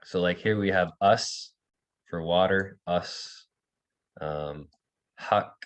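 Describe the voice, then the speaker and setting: A man's voice: low voice, takes it slowly. A man teaching an online language class, calling on students by name, repeating words for them and explaining with many fillers and restarts.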